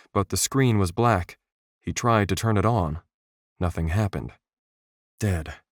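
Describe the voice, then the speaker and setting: A man reading a fantasy audiobook as its narrator, with a steady, measured delivery. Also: low voice, no echo. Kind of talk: scripted narration. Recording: dry, close studio voice.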